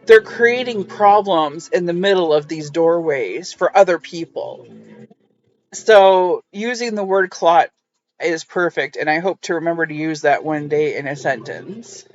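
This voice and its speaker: A woman's voice: lowish voice, measured pace, highs cut off. A woman hosting a casual book review, musing over passages with wry, chatty asides. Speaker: book reviewer and podcast host.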